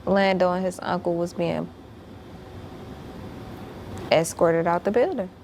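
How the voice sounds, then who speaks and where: Here a woman recounts a tense story as a guest, blunt and profane in every line. Her voice sits low with a gravelly, fried edge. She presses her points hard and doubles back on her words when she gets heated. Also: slow, a little mellow, slight background noise. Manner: repeats and restarts when worked up.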